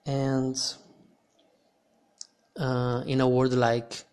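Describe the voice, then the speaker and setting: A man teaching pronunciation in English, patient and pausing with restarts. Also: mid-range voice, completely flat delivery, a little mellow. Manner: patient, hesitant restarts, repeats words for practice. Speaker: language teacher. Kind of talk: slow explanatory lesson.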